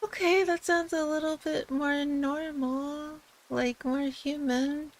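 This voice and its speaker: A woman's voice: high voice, steady tone, slow. A woman streaming, chatting casually and laughing often. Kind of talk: casual chat.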